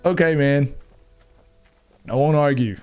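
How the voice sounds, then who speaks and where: A man teases his viewers and laughs a lot while casually streaming a game. His slightly high voice moves slowly and sounds darkish yet clean.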